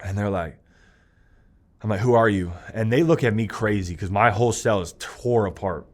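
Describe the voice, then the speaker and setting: A young man, an interview guest, telling a rough personal story in casual talk, acting out the voices he quotes and swinging from hushed to loud. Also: lowish voice, moderate pace.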